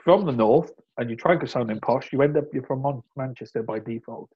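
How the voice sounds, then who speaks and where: Husky animated man hosting, lo-fi. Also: mid-range voice, a little fast. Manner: animated, restarts and laughs often. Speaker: host. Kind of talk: casual conversation.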